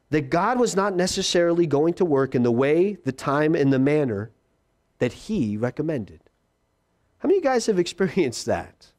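A male pastor preaching a sermon, acting out quoted voices and dropping to a hush for God's quiet words. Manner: drops to a hushed low voice for God's quiet words.

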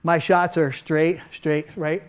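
An older man teaching a hands-on martial arts seminar, energetic, shouting sound effects and checking in with "right?" as he demonstrates. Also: fairly high pitch, takes it slowly, clean tone.

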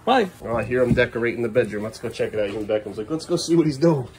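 Animated and rapid-fire, a father and vlogger chats with his young sons in their bedroom for a noisy home video. His playful baby talk has a sing-song lilt and frequently shoots up high.

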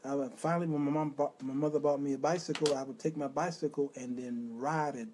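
A middle-aged man from Chicago's west side hosts a show, sharing an emotional personal testimony and occasionally singing a few words. His voice is fairly high, with fairly even intonation, a slightly quick pace, and a somewhat mellow tone, and there's slight background noise.

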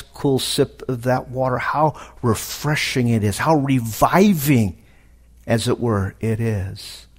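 A middle-aged man preaching a sermon at a conference, animated, with sudden loud emphatic rises. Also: medium pitch. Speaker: pastor. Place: conference hall.

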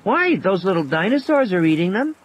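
A man's voice: high voice, very animated, fairly quick, slight background noise, pitched above the performer's own voice. A man voicing a bratty, stubborn little girl with a whining, sulky manner in an audiobook. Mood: whiny. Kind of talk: audiobook character voice.

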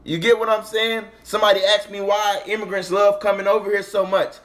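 A man's voice: high-pitched, flat delivery, a little fast, fairly bright tone. A man hosting a casual livestream, rambling through a monologue and talking to his chat, with a filler phrase he keeps repeating. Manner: rambling, repeats "you get what I'm saying", talks to chat. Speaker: livestream host.

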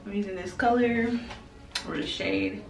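A woman's voice: mid-range voice, huge pitch swings, a little slow, recorded from a distance. A young woman chatting casually through a makeup routine for her viewers, loose and slangy. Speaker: beauty vlogger. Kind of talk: casual makeup tutorial chat. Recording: roomy and off-mic with music.

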